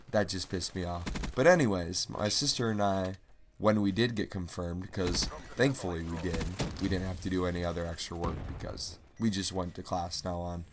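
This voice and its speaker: A man's voice: deep voice, fairly even intonation, normal speed, slight background noise. A young man vlogging, telling a personal story in a rambling, exasperated way with lots of filler words. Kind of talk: casual storytelling.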